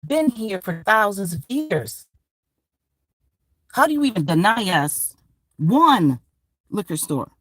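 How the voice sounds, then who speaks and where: A woman from Georgia, talking in a rambling, profane, animated monologue as a vlogger. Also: medium pitch, takes it slowly, pauses often, no echo, clean studio sound. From Georgia, USA. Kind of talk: casual monologue to camera.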